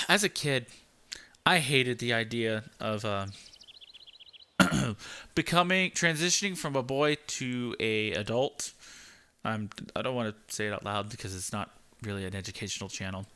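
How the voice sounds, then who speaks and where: A young man giving casual gameplay commentary, rambling with lots of fillers and keeping his voice deliberately high. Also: bright, forceful tone, clean tone. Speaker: game channel host.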